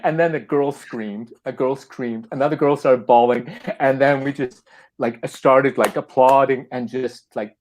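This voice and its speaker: A man's voice: medium pitch, measured pace. A middle-aged man from Canada, a playwright and actor, telling an anecdote casually with laughs and frequent restarts. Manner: animated, laughing, acting out quotes, many restarts.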